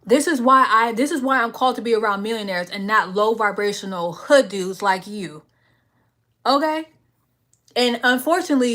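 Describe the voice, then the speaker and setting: A woman's voice: a little high, fairly bright tone. Sassy woman ranting on a live stream. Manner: sassy, confrontational, rants at a commenter; reads chat under her breath. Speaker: livestream host. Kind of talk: live stream chat reply.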